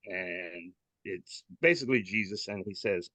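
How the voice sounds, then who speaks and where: A man's voice: on the low side, moderate pace, a bit bright, no echo. A man hosting a casual podcast, describing memes in a joking, irreverent way over a video call. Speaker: podcast host.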